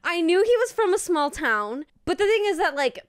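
A young woman co-hosting a casual book club podcast, giggly and animated, with lots of "like". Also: extremely high pitch, normal speed, dry recording, studio quality. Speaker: podcast co-host.

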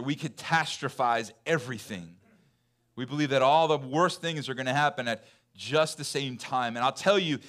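A man in his thirties preaching a sermon in a church, chatty and full of fillers, dropping to soft, intense lows. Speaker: pastor. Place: church hall.

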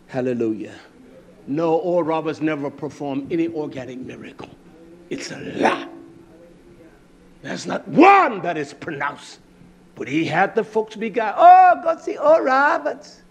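A man preaching a fiery sermon, swinging from loud shouting to hushed near-whispers. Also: fairly high pitch, animated, measured pace, long pauses.

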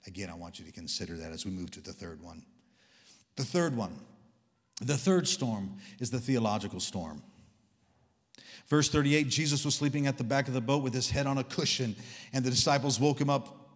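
A man preaching a sermon as a guest speaker, swinging between loud exclamations and hushed whispers. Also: medium pitch, normal speed, long reverb tail. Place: church hall.

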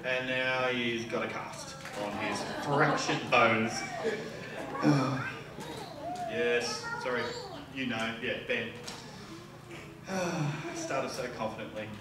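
Aussie pastor guy preaching, jokey and animated, recorded from far back in a big echoey church with some noise. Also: mid-range voice, slow, long pauses. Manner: animated, acts out quotes with playful humor. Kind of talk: sermon. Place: church sanctuary.

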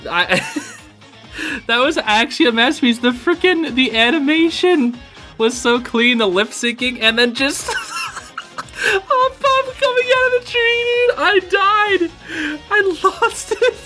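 A man hosting a reaction video, excitable, laughing often and saying "dude" a lot. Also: very high voice, slow, soft background music. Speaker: host reacting to fan videos. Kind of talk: casual reaction commentary.

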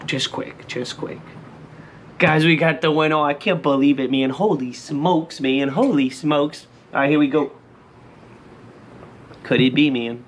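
Man, scratch-ticket vlogger, slow-talking and slightly high, erupts into shouts on wins, faint hiss behind. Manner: shouts and sing-songs when he wins, then drops back to calm chatter; keeps calling out to viewers with "guys" and "man". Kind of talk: excited casual vlog commentary.

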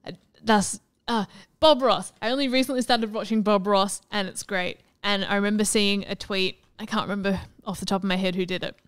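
Brief: chatty woman on a game stream, very smooth clear voice, dry close sound, quick to laugh. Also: medium pitch, steady tone, no echo. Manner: chatty, laughs often, swears freely. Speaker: streamer co-host. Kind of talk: casual chat over gameplay.

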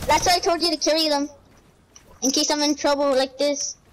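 A woman playing a shooter game with a friend, talking in casual chat and pleading in quick repeats when under fire. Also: high voice, fairly even intonation, rough recording. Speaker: gamer.

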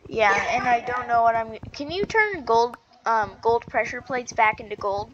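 A woman chatting casually while playing a video game, excitable and giggly, gasping and stammering as she goes. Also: a little high, normal speed, highs cut off, slight background noise. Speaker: gaming video host. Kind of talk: casual gameplay chat.

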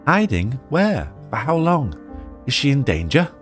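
A man voicing an anxious middle-aged mother, raising his pitch and sounding fretful. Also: expressive, a little slow, over music, natural voice.

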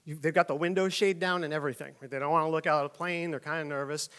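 Animated high-voiced male pastor. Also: racing, clean tone. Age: middle-aged. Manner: animated storytelling with jokes and acted-out voices. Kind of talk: conversational sermon.

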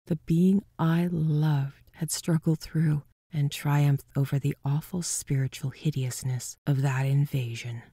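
A woman narrating a ghost story in a hushed voice that often drops to a whisper. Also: low-pitched, husky, no echo, clean studio sound.

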